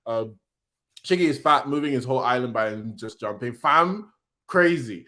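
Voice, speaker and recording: A man hosting a casual manga reaction, reading panels aloud in an excitable, slangy way. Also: medium pitch, normal speed.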